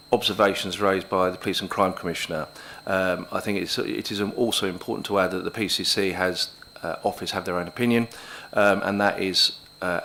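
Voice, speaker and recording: A man's voice: sits low, a bit bright, slight background noise. A police chief inspector, a man, addressing a council committee in a council chamber, speaking plainly with many hesitations. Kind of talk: formal committee remarks.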